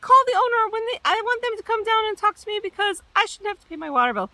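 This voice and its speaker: Brief: a woman playing an irate tenant, high and shrill, demanding and whiny. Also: big pitch swings, fast, bright, forceful tone, no echo, exaggerated voice. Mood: indignant. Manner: high-pitched, insistent, whiny.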